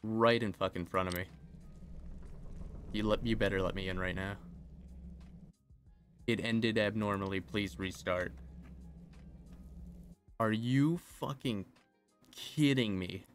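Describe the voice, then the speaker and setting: A man's voice: sits low, steady tone, a little slow, pauses often, fairly bright tone. A young man commenting on his gameplay, ranting and cursing at the game in exasperation, with faint game music behind. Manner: exasperated, swearing rants at the game. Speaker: gaming video creator.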